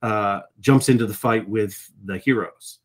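A middle-aged man who works as a voice actor answers interview questions thoughtfully, often repeating words as he begins a thought. His voice is lowish and his pace is measured.

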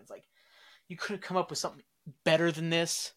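A man's voice: a little high, lively intonation, a little slow, creaky, pauses often, a bit bright, dry recording, clean studio sound. A man hosting a podcast, casually recapping a TV episode in a rambling, complaining way. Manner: rambling, complains and paraphrases scenes loosely. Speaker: podcast host.

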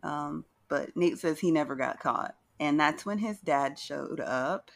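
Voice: mid-range voice, unhurried, gravelly. A podcast co-host giving a chatty, casual recap of a reality show, with playful asides and acted-out quotes.

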